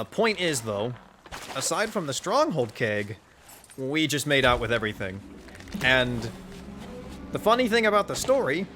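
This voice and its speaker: Animated man telling a gaming story. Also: fairly high pitch, a little hiss or hum. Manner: animated storyteller, swearing, joking. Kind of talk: casual gaming commentary.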